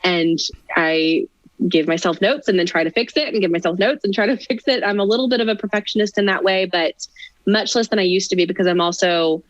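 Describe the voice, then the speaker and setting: A young woman in her twenties chats easily as a podcast guest, laughing often and poking fun at herself. Her voice sits at a middle pitch for a woman. The recording is dry and somewhat muffled. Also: fairly quick, dry recording. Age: 20s. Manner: chatty, laughs often, self-deprecating asides. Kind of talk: casual chat.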